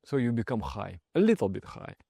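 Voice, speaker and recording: Soft-spoken male meditation teacher, dry sound. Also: lowish voice, very animated, fairly quick, vocal fry, dry recording. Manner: soft-spoken, often trails off quietly, laughs while telling stories. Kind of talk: personal story and spiritual advice.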